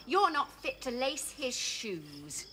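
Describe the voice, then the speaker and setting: Frosty, sharp-tongued wife, lively pitch, noisy TV soundtrack. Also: female voice, slow, heavily acted. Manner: cutting, frosty. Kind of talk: 1980s TV sitcom acting.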